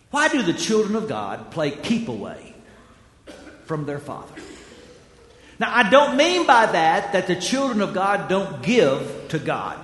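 A man's voice: sits high, fairly bright tone. A man preaching a sermon as pastor, telling stories with acted voices and dry humor. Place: large church auditorium. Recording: echoey hall.

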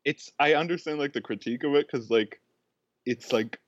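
A man's voice: medium pitch, normal speed, dry recording. A young man joins a podcast chat, often hesitating and repeating words as he works out what he means. The recording is dry and somewhat dull. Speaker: podcast guest. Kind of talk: casual chat.

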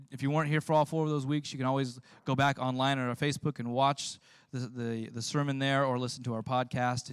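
A man preaching a sermon as the pastor, telling lively stories and laughing as he goes. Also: a little high, clean tone, no echo. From California. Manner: storytelling, animated, laughs often.

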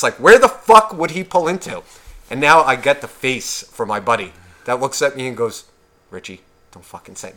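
A man's voice: a little high, bright, forceful tone. A man co-hosting a podcast, telling a heated, profane story in casual chat and acting out what others said. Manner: profane, acts out quotes of others; agitated, heated retelling. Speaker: podcast co-host.

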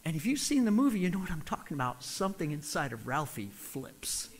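Male preacher, high voice, animated, switches between English and Spanish line by line. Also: fairly quick. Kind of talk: sermon with own Spanish interpretation.

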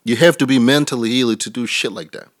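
Brief: male stand-up comic, mid-pitched, crude and rambling, dry close sound. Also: fairly even intonation, quick pace, no echo. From Africa. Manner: crude, rambling, laughing at his own jokes. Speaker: stand-up comedian. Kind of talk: stand-up comedy set.

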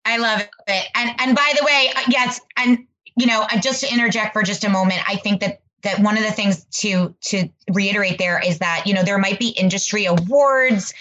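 A woman's voice: mid-range voice, normal speed, fairly bright tone. Rambling, gushing woman podcast host. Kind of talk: casual interview chat. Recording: slightly dull lo-fi audio.

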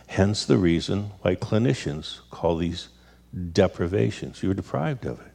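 Low-voiced middle-aged man, chatty speaker who acts out family anecdotes. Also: normal speed, creaky. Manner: storytelling, animated quoted voices. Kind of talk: conversational talk with stories.

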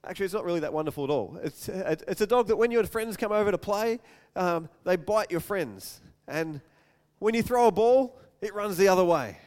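A man preaching a sermon, telling an animated story and acting out the voices in it. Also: sits high, moderate pace, hardly any pauses. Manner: animated, acts out scenes with quoted voices.

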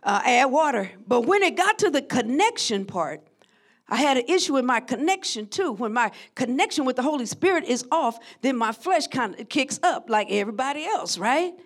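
A woman preaching a sermon who swings from hushed, drawn-out lines to shouted crescendos and calls out to her congregation. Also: sits high, big pitch swings. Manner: call-and-response with the congregation.

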